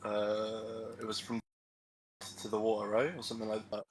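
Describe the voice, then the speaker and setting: A man speaks over an online call in a low, level voice that barely rises or falls. He tells his story haltingly, with fillers and restarts. It sounds like plain remote-call audio. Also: completely flat delivery, slight background noise, poor audio. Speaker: caller, convert recounting his experience.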